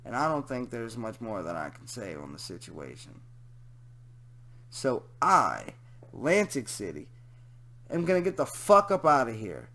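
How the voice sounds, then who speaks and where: A man's voice: mid-range voice, big pitch swings, a little slow, a bit bright. A man streaming casual commentary, slangy and swearing freely.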